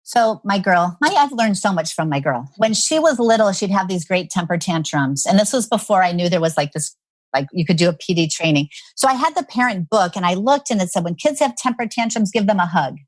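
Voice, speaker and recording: A parenting expert guesting on a podcast interview tells animated stories, acting out the voices of the people she quotes. Her fairly low voice moves briskly, recorded with no room sound.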